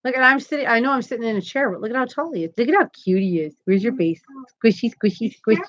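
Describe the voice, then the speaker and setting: A woman's voice: on the high side, animated, very fast, fairly bright tone, lo-fi sound. A woman in her thirties hosting a live crochet stream from home, chatty and giggly as she reads viewer comments aloud. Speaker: crochet channel host. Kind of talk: casual live-stream chat.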